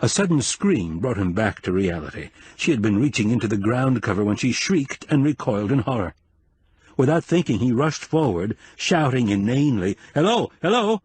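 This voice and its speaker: A man narrating an audiobook in a measured, expressive storytelling manner. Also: medium pitch, breathy edge.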